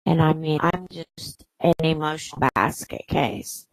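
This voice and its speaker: A woman host telling a personal story in a halting way, with many fillers and restarts. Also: low voice, steady tone, no echo, low-quality recording.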